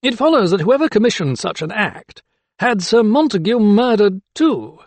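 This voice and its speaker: A man voicing a sly older male magistrate who mocks with slow, relishing speech. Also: high voice, very animated, no echo, pitched above the performer's own voice. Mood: smug. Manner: drawn-out, relishing delivery. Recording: dry close studio sound.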